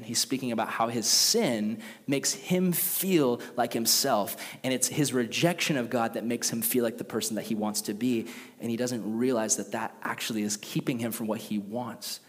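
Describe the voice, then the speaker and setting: A male pastor preaching in a casual, animated way, full of slang, reading scripture with rising intensity. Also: mid-range voice, a little fast, big-room sound. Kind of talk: casual sermon.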